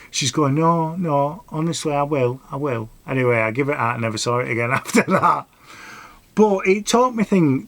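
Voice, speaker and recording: In a casual vlog with no room sound, a middle-aged man speaks in a mid-range voice, rambling through a personal story and giving sincere advice. He's earnest and rambling and speaks with dialect grammar.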